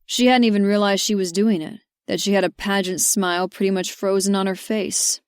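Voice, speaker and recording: A woman narrating a romance audiobook in measured, first-person storytelling. Her voice sits at an ordinary pitch for a woman. The recording is dry and close, with no room sound. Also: steady tone, smooth, no room sound. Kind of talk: scripted narration.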